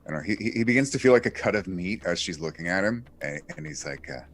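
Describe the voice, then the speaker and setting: A man playing his character in a tabletop game, talking in a hesitant, halting way full of fillers. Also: sits low. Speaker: player.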